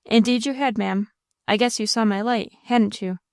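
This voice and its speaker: A woman doing a rough, deep-voiced country farmer. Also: fairly even intonation, normal speed, darkish tone, no room sound, studio quality, lightly acted. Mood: gruff, neighborly. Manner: homespun country dialect, blunt. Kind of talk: audiobook character reading.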